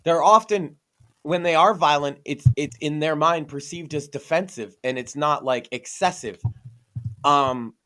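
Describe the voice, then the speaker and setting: A man's voice: on the high side, measured pace, sharp tone. A man in a casual podcast discussion, talking earnestly and emphatically and swearing freely.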